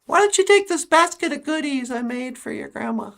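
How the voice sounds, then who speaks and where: A woman's voice: high-pitched, expressive, brisk, a bit bright. A woman voicing an unworried mother in a storybook tale, talking in a breezy, reassuring way.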